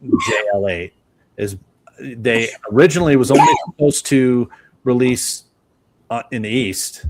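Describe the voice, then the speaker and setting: A man with an ordinary mid-range voice chats casually on a live hobby podcast. He explains things in a relaxed, meandering way, with lots of restarts. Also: mid-range voice, a little slow, poor audio. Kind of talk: casual live-stream chat.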